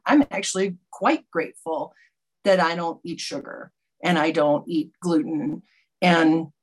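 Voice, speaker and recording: A middle-aged woman giving an earnest, reflective personal testimony about her recovery, often restarting her sentences. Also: lowish voice. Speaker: speaker sharing a personal recovery story.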